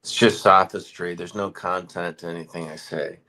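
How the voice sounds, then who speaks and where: A man's voice: low voice, fairly even intonation, moderate pace, pushed and bright. A man on a casual chat show, wry and self-deprecating, laughing often.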